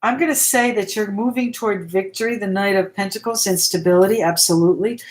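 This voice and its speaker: An American woman hosts a live-stream tarot reading, answering viewers, reassuring them, and thinking aloud between cards. She speaks quickly in a medium-pitched voice.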